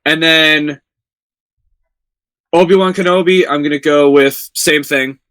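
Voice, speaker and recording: A man's voice: on the high side, fairly even intonation, unhurried, fairly bright tone, clean tone. A man guesting on a casual podcast, easygoing and blunt, swearing casually.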